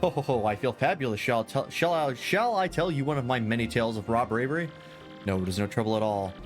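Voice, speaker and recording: A boastful, flamboyant rich merchant holds forth in grand, formal sentences, as a man puts him on. His voice sits at an ordinary middle pitch, stretched into theatrical, self-important delivery. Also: fast talker, faint music behind, natural voice. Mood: pompous.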